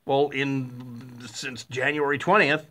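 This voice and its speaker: A middle-aged man hosting a talk radio show, with a blunt, sarcastic and animated way of talking, full of fillers and restarts. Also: medium pitch, slow. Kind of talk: opinionated talk radio monologue.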